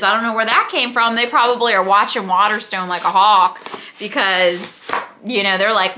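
A woman's voice: mid-range voice, normal speed, bright, forceful tone. A young woman from the United States, chatting casually and gushing about books, with rambling asides. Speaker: book vlogger. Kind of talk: casual chat.

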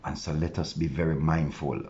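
Speaking at a moderate pace in a steady, mellow, very low voice, a male pastor preaches a sincere devotional sermon with conviction. At times he voices the objections of his listeners and then answers them. The audio sounds dull and lo-fi, with a little hiss or hum.

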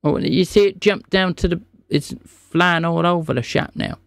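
Gravelly man playing dumb. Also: fairly high pitch, moderate pace, no room sound, studio quality. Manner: feigns confusion, plays dumb. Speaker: scam-baiting streamer. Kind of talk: prank call.

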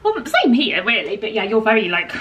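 A woman's voice: medium pitch, lively intonation, brisk, a bit bright, a little hiss or hum. A young woman chatting playfully at home for a vlog, often breaking into giggles. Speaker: vlogger. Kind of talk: casual home vlog chat. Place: home living room.

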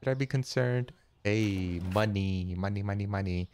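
A man hosting a casual let's-play, chatty and jokey, thinking aloud and counting money out loud as he goes. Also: lowish voice, moderate pace, smooth. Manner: jokey, easily startled. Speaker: gaming channel host.

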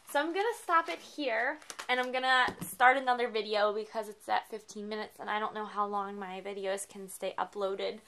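A woman craft vlogger chatting casually as she unboxes a gift package, gushing and excitable, often gasping with delight. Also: mid-range voice, gravelly, slight background noise.

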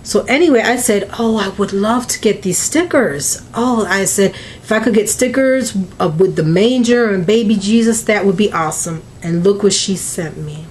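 A woman's voice: mid-range voice, moderate pace, hardly any pauses, a little mellow, a little hiss or hum. A woman, opening mail on a crafting vlog, gushing and emotional, close to tears. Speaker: crafting vlogger.

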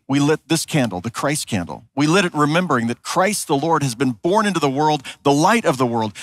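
A man's voice: on the high side, no echo. A man, the senior pastor, welcoming people to an Easter service, leading prayer and reading scripture earnestly. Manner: earnest, building to shouted Easter greeting.

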